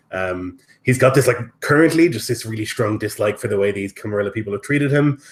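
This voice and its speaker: Low-voiced male player, casual. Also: fast talker. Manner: casual, says "like" a lot. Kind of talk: casual tabletop play.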